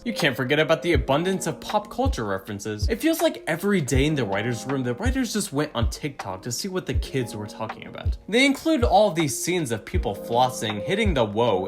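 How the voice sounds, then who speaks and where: A man delivers a scripted review commentary, sarcastic and fed up. His pitch swings widely from line to line. Background music plays steadily under his voice. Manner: sarcastic, exasperated. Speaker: video essayist reviewing a cartoon reboot.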